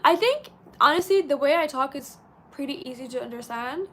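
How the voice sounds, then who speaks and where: A high-pitched woman chatters her way through a casual live stream. She is bubbly and friendly, and her words tumble out fast as she answers viewer comments. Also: animated. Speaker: livestream host.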